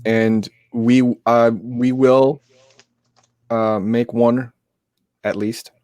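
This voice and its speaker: A man's voice: medium pitch, little pitch movement, very slow, a little mellow, no room sound. A sick man co-hosting an RPG stream, explaining game rules in a rambling way with many restarts. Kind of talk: casual chat.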